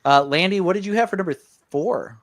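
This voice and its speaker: A man's voice: high-pitched, fast talker, no room sound. A man co-hosting a casual podcast, talking about games with lots of ums and uhs. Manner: rambling with many ums and uhs. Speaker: podcast co-host. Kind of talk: casual chat.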